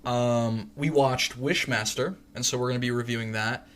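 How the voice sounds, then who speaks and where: A young man hosting a casual podcast while a little sick, talking in a relaxed, rambling way. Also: medium pitch, moderate pace, smooth. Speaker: podcast host. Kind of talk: casual chat.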